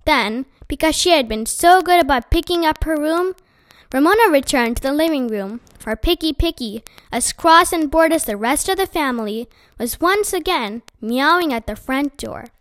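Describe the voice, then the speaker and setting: A high-voiced woman reading a children's book aloud. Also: moderate pace, no echo. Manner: gentle, expressive narration. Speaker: storyteller.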